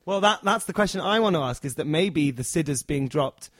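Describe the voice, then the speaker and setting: A man telling a funny story in a casual chat, animated and acting out the people in it. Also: fairly high pitch, a little fast, dry recording. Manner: animated, acts out the characters.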